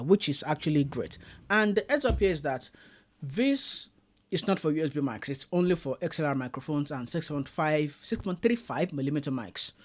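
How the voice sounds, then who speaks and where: A man giving a casual, chatty review of a streaming mixer, showing the features as he goes. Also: on the high side. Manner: chatty, demonstrating gear live. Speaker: tech reviewer.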